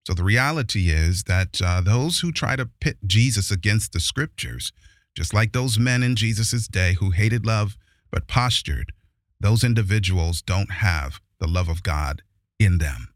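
A man preaching a sermon who reads scripture slowly and with emphasis, then explains it with force. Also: fairly low pitch, animated, no room sound, clean studio sound.

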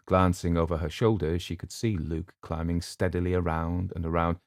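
Sitting low in pitch, a man's voice narrates a novel with steady, measured storytelling, a scripted audiobook reading. The recording is dry and of studio quality.

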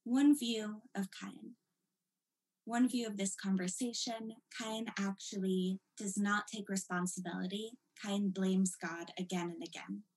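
A woman's voice: mid-range voice, fairly even intonation, measured pace, a little mellow, poor audio. A woman giving a lecture as a teacher, reading passages aloud and stressing key words with dramatic emphasis. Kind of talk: recorded lecture.

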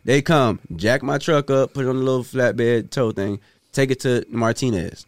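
A man's voice: mid-range voice, normal speed, no echo. A man hosting a casual chat, telling a long story and often asking "you know what I'm saying" as he restarts his sentences. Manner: many restarts and repeated words. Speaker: podcast host.

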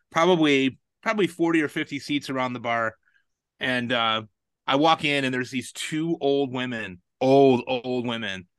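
Man in his 40s, bright tense voice, dry close sound, rambling casual story. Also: mid-range voice, smooth, no echo. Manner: rambling, filler-heavy anecdote telling. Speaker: podcast storyteller.

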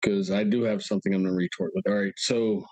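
A man's voice: fairly low pitch, steady tone, fast, dark tone, no room sound, rough recording. A man speaking as an interview guest in casual talk, earnest, often repeating words as he goes. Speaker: guest, local resident.

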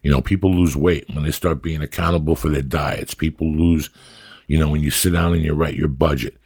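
A man's voice: a bass voice, steady tone, a little fast, a little mellow, husky. A middle-aged man, talking bluntly and profanely as a guest in a casual podcast chat, rambling through stories. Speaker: podcast guest, actor and comic.

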